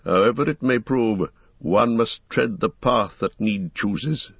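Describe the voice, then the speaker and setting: A man giving voice to a grave old wizard, stern and commanding. The voice sits low and husky, and the words come measured and weighty, on a dull lo-fi recording. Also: no echo, heavily acted. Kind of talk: audiobook character reading.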